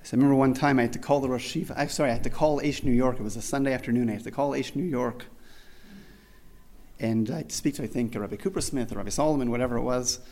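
A man's voice: mid-range voice, racing, a little mellow. Earnest man telling a heartfelt story. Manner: earnest, full of restarts and repeated phrases; peppers speech with Hebrew religious terms. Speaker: speaker remembering his rabbi. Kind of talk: personal storytelling tribute.

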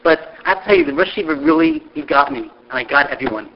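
A middle-aged man telling stories about a mentor, lively and acting out the voices of the people he quotes. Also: fairly high pitch, quick pace, creaky, slight background noise. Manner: lively storyteller who acts out quoted voices. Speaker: speaker sharing memories of a mentor. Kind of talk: animated storytelling talk. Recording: dull lo-fi recording.

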